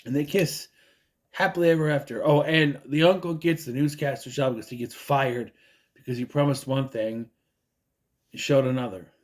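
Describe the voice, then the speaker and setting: A man's voice: mid-range voice, fairly even intonation, normal speed. A man from southern Minnesota giving a casual, rambling movie review with joking asides.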